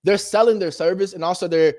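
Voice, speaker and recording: A man talking casually and with drive to his viewers, a little higher in pitch than most men. He speaks in direct street slang, calls the listener bro, and jumps between loud bursts and quiet asides. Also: quick pace, no echo, clean studio sound. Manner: animated, swings between loud emphasis and low asides, laughs often. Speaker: real estate investor and video host. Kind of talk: casual motivational talk to camera.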